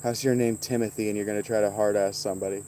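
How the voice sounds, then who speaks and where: A man with a mellow, darker tone chats loosely on a livestream, drifting between stories and profane jabs at his viewers. His voice sits at an ordinary pitch, and faint crickets hiss behind him outdoors. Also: flat delivery, quick pace. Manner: profane, taunting viewers by name, rambling. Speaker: streamer reading chat. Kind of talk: casual livestream chat.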